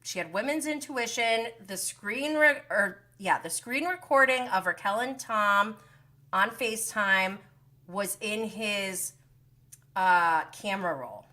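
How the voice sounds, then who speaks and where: A woman hosts a casual gossip recap on a live stream, talking fast and freely in a bright, sharp voice of medium pitch. She's animated and sarcastic, dropping exasperated asides throughout.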